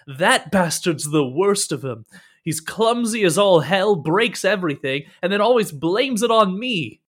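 A man's voice: fairly high pitch, expressive, a little slow, fairly bright tone. A man voicing a bedraggled captive male singer who is effusive in his gratitude and bitter about his former boss, cursing freely in a tabletop role-play. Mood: resentful. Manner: grateful then resentful, swears freely.

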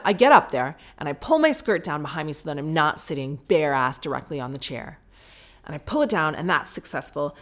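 A British woman hosts her own podcast and tells a story with lively, self-mocking comic timing. Her voice sits a little low for a woman, and she talks with plenty of energy and play. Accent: British English. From Britain. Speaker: podcast host.

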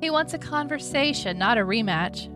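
A woman's voice: on the high side, animated, moderate pace, lightly acted. A woman reading the lines of a witty young prince aloud, over faint music. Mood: dry, wry.

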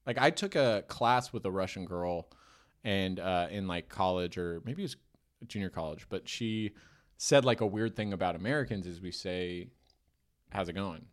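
A man's voice: deep voice, moderate pace. A man in casual conversation who retells stories with lots of filler words. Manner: animated retelling with put-on voices. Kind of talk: casual chat, storytelling.

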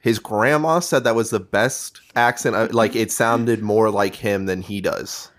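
A man's voice: lowish voice, a little slow, a bit bright. A man co-hosting a casual podcast with his wife, joking around and faking a phone call. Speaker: podcast co-host. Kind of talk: casual chat.

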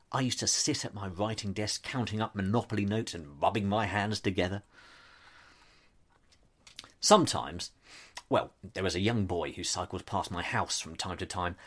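Pompous low-voiced man, dry comic monologue. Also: a bit bright. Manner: pompous, self-important, dry asides. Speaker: comedic narrator playing a pompous actor.

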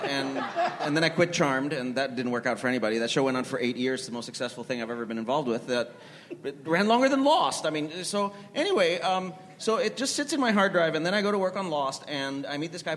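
A man's voice: mid-range voice, fairly quick, a bit bright. A man telling rambling, self-deprecating stories with many restarts as a TV writer on a festival panel. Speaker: panelist, TV writer and show creator. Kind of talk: anecdotal storytelling on a panel. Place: live festival panel in a large hall. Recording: reverberant hall with faint ambience.

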